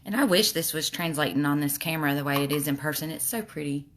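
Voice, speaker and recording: A woman's voice: low-pitched, quick pace. A woman with a slight lisp, chatting casually while showing makeup on a livestream. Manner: chatty, reads viewer comments aloud.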